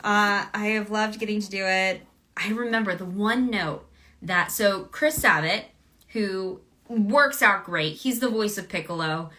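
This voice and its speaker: A woman's voice: medium pitch, a little slow, pushed and bright. A woman voice actress chatting casually with fans during a livestream autograph session, bubbly and gushing, and laughing often.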